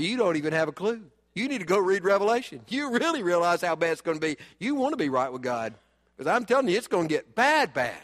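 A man preaching a sermon, animated, swinging between loud urging and low asides. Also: fast. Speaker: pastor. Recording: long reverb of a church hall.

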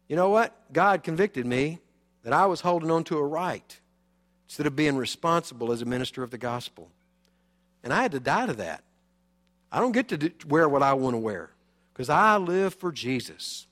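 Pastor, male, high voice, emphatic sermon delivery, church hall reverb. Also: moderate pace. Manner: animated, emphatic preaching with swings between loud and quiet.

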